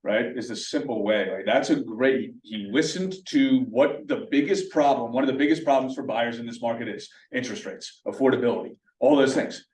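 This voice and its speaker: A man leading a real estate team meeting, coaching agents in an energetic way with rhetorical questions. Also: mid-range voice, brisk, hardly any pauses. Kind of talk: motivational team meeting talk. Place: meeting room. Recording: roomy, from a distance.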